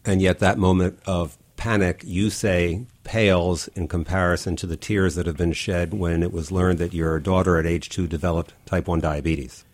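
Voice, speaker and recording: A man hosting an interview, asking long, measured questions in an articulate way. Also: sits low, fairly even intonation. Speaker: interview host.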